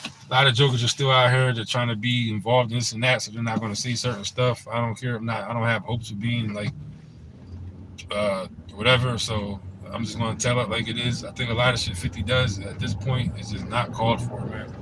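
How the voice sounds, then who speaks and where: A man's voice: medium pitch, little pitch movement, a little fast, noisy background. A man in a casual commentary monologue, laid-back and rambling, with the loose phrasing of a host talking to his channel. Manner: laid-back, rambling, frequent "you know what I'm saying".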